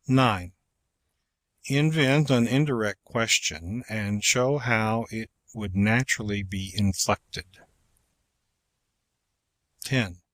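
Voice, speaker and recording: A man reading a public speaking textbook aloud as audiobook narration, in a slow, measured way through numbered exercises. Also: medium pitch, fairly bright tone, no echo.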